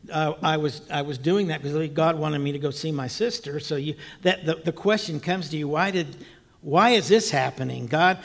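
A man preaching, telling a personal story in a lively, animated way with loud bursts and quiet asides. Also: a little high. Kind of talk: storytelling sermon.

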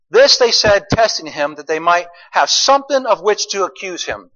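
High, bright-voiced male preacher. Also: very animated, moderate pace, muffled recording. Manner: swings from quiet asides to loud emphatic preaching; asks the congregation rhetorical questions. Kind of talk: sermon.

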